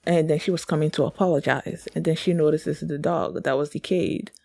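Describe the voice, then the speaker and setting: Woman, reaction host, gravelly mellow voice, dry close sound, earnest rambling talk. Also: low voice, steady tone, a little fast, dry recording, soft background music. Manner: earnest, emotional, rambling with many fillers. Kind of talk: reaction commentary with a personal story.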